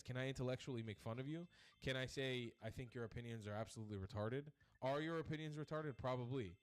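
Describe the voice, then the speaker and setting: A man hosting a live stream, giving heated, crude, repetitive ranting commentary on clips. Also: medium pitch.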